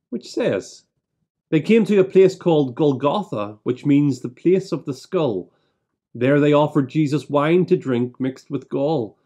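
A man serving as a church minister, leading prayers and reading scripture aloud in a measured, solemn way with deliberate pauses. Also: a little high, warm tone.

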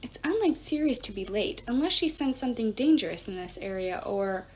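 A flippant male wine god from a storybook reading, brusque and dismissive, snapping short answers, as a woman puts him on. The voice stays fairly high. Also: expressive, normal speed, lightly acted. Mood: impatient.

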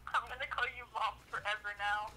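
Bright-voiced young woman on a call. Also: mid-range voice, level tone, a little fast, slight background noise. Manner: giggly, with short dry comebacks. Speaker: host's friend and co-player. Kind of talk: casual chat on a voice call.

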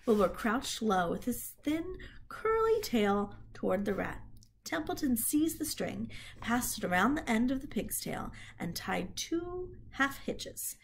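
A woman's voice: on the high side, a little slow, gravelly, slight background noise. Woman reading a children's book aloud. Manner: expressive storytelling with a few slips. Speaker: reader.

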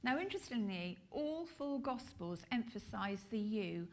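British woman, sermon, slow measured delivery, fairly high voice, emphatic pauses. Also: very animated. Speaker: preacher.

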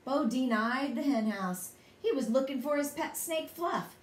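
Woman reading an expressive bedtime story. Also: high-pitched, unhurried. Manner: lively, expressive read-aloud. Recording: echoey room.

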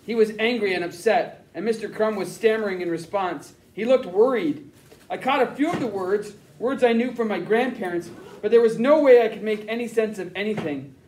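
A man reading a first-person novel aloud as an audiobook narrator, with plain, steady storytelling. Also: high voice, a little fast, recorded from a distance, a little hiss or hum, rough recording.

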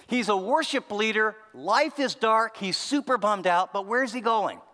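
A man preaching a sermon as pastor, firing off lists of rhetorical questions in an animated way. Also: high voice, normal speed, few pauses, big-room sound.

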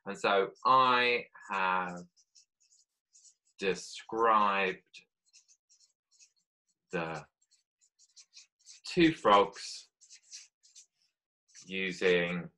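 A man's voice: sits low, extremely slow, long pauses, sharp tone. A man teaching a children's writing lesson from home, thinking aloud as he drafts and chatting to pupils. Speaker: primary school teacher.

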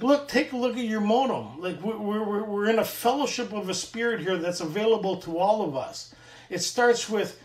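A middle-aged Canadian man tells his recovery story in an earnest, animated way, acting out both sides of each conversation. His voice sits high for a man. He sounds set back from the mic in an echoey room. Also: recorded from a distance. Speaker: recovery meeting speaker. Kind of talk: sharing a personal recovery story.

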